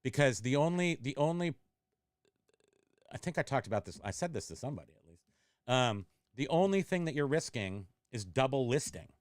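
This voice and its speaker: A middle-aged man talks loosely on a livestream, trailing off, restarting, and answering chat comments as they come in. His voice is smooth and clear, in the middle of the range for a man. The sound is close and dry. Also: mid-range voice, sing-song, normal speed, dry recording. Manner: rambling, self-interrupting, reads chat comments aloud. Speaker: online reseller and livestream host.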